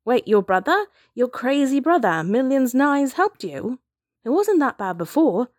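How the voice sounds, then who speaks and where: A woman voicing a blunt, sharp-tongued young woman in a storybook reading, biting and incredulous. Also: high voice, lively intonation, moderate pace, no echo, clean studio sound, voice pushed up.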